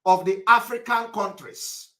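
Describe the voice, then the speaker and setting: A man's voice: high-pitched, measured pace, bright, forceful tone. A man from Nigeria hosting a live online broadcast, talking straight to viewers in an emphatic, scolding way and repeating his points.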